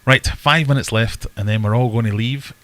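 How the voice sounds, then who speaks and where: A man's voice: medium pitch, moderate pace, fairly bright tone. A man hosting a casual livestream, chatting in a rambling, self-deprecating way and answering viewer questions. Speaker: livestream host. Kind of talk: casual live chat. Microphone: desk webcam setup.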